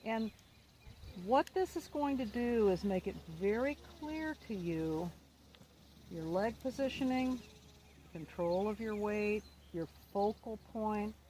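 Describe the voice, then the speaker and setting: Calm encouraging woman coaching outdoors. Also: mid-range voice, takes it slowly, slight background noise. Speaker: riding instructor. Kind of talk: outdoor riding lesson coaching. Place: outdoor riding arena.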